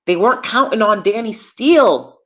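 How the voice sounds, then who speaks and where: A woman vlogger telling a personal story in a blunt, profane, emphatic way, and calling herself loud. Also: mid-range voice, animated, moderate pace.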